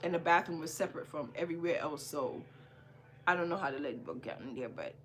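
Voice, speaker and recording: Jamaican woman podcast host, bright tone, casual animated storyteller, swings from hushed to loud. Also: deep voice, fast. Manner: animated, repeats phrases for emphasis, swings between hushed and loud.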